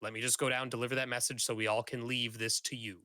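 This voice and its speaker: A man's voice: mid-range voice, little pitch movement, fast talker, bright, forceful tone, lightly acted. A man playing a wary male guard of a mercenary company, who speaks in a plain, reasonable, conciliatory way. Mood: calm.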